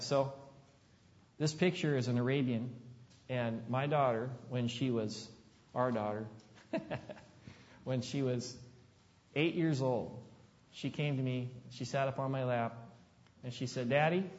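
A man's voice: medium pitch, darkish tone. A middle-aged man, a pastor, telling a story in a folksy, conversational way and asking the congregation questions. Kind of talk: storytelling sermon. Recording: dull, long hall reverb.

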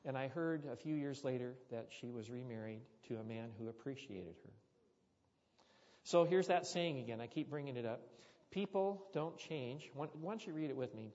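A male pastor preaching a sermon, telling a story with animated, sudden loud bursts, recorded muffled in an echoey church hall. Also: mid-range voice, normal speed.

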